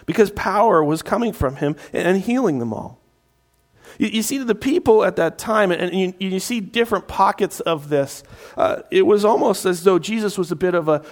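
A man preaching a sermon, often repeating his words and acting out crowd voices. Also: high voice. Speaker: pastor.

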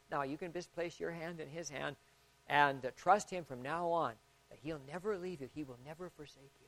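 A man, a pastor preaching a sermon in a folksy storytelling way, acting out the voices he quotes and swinging from hushed to loud. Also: on the high side.

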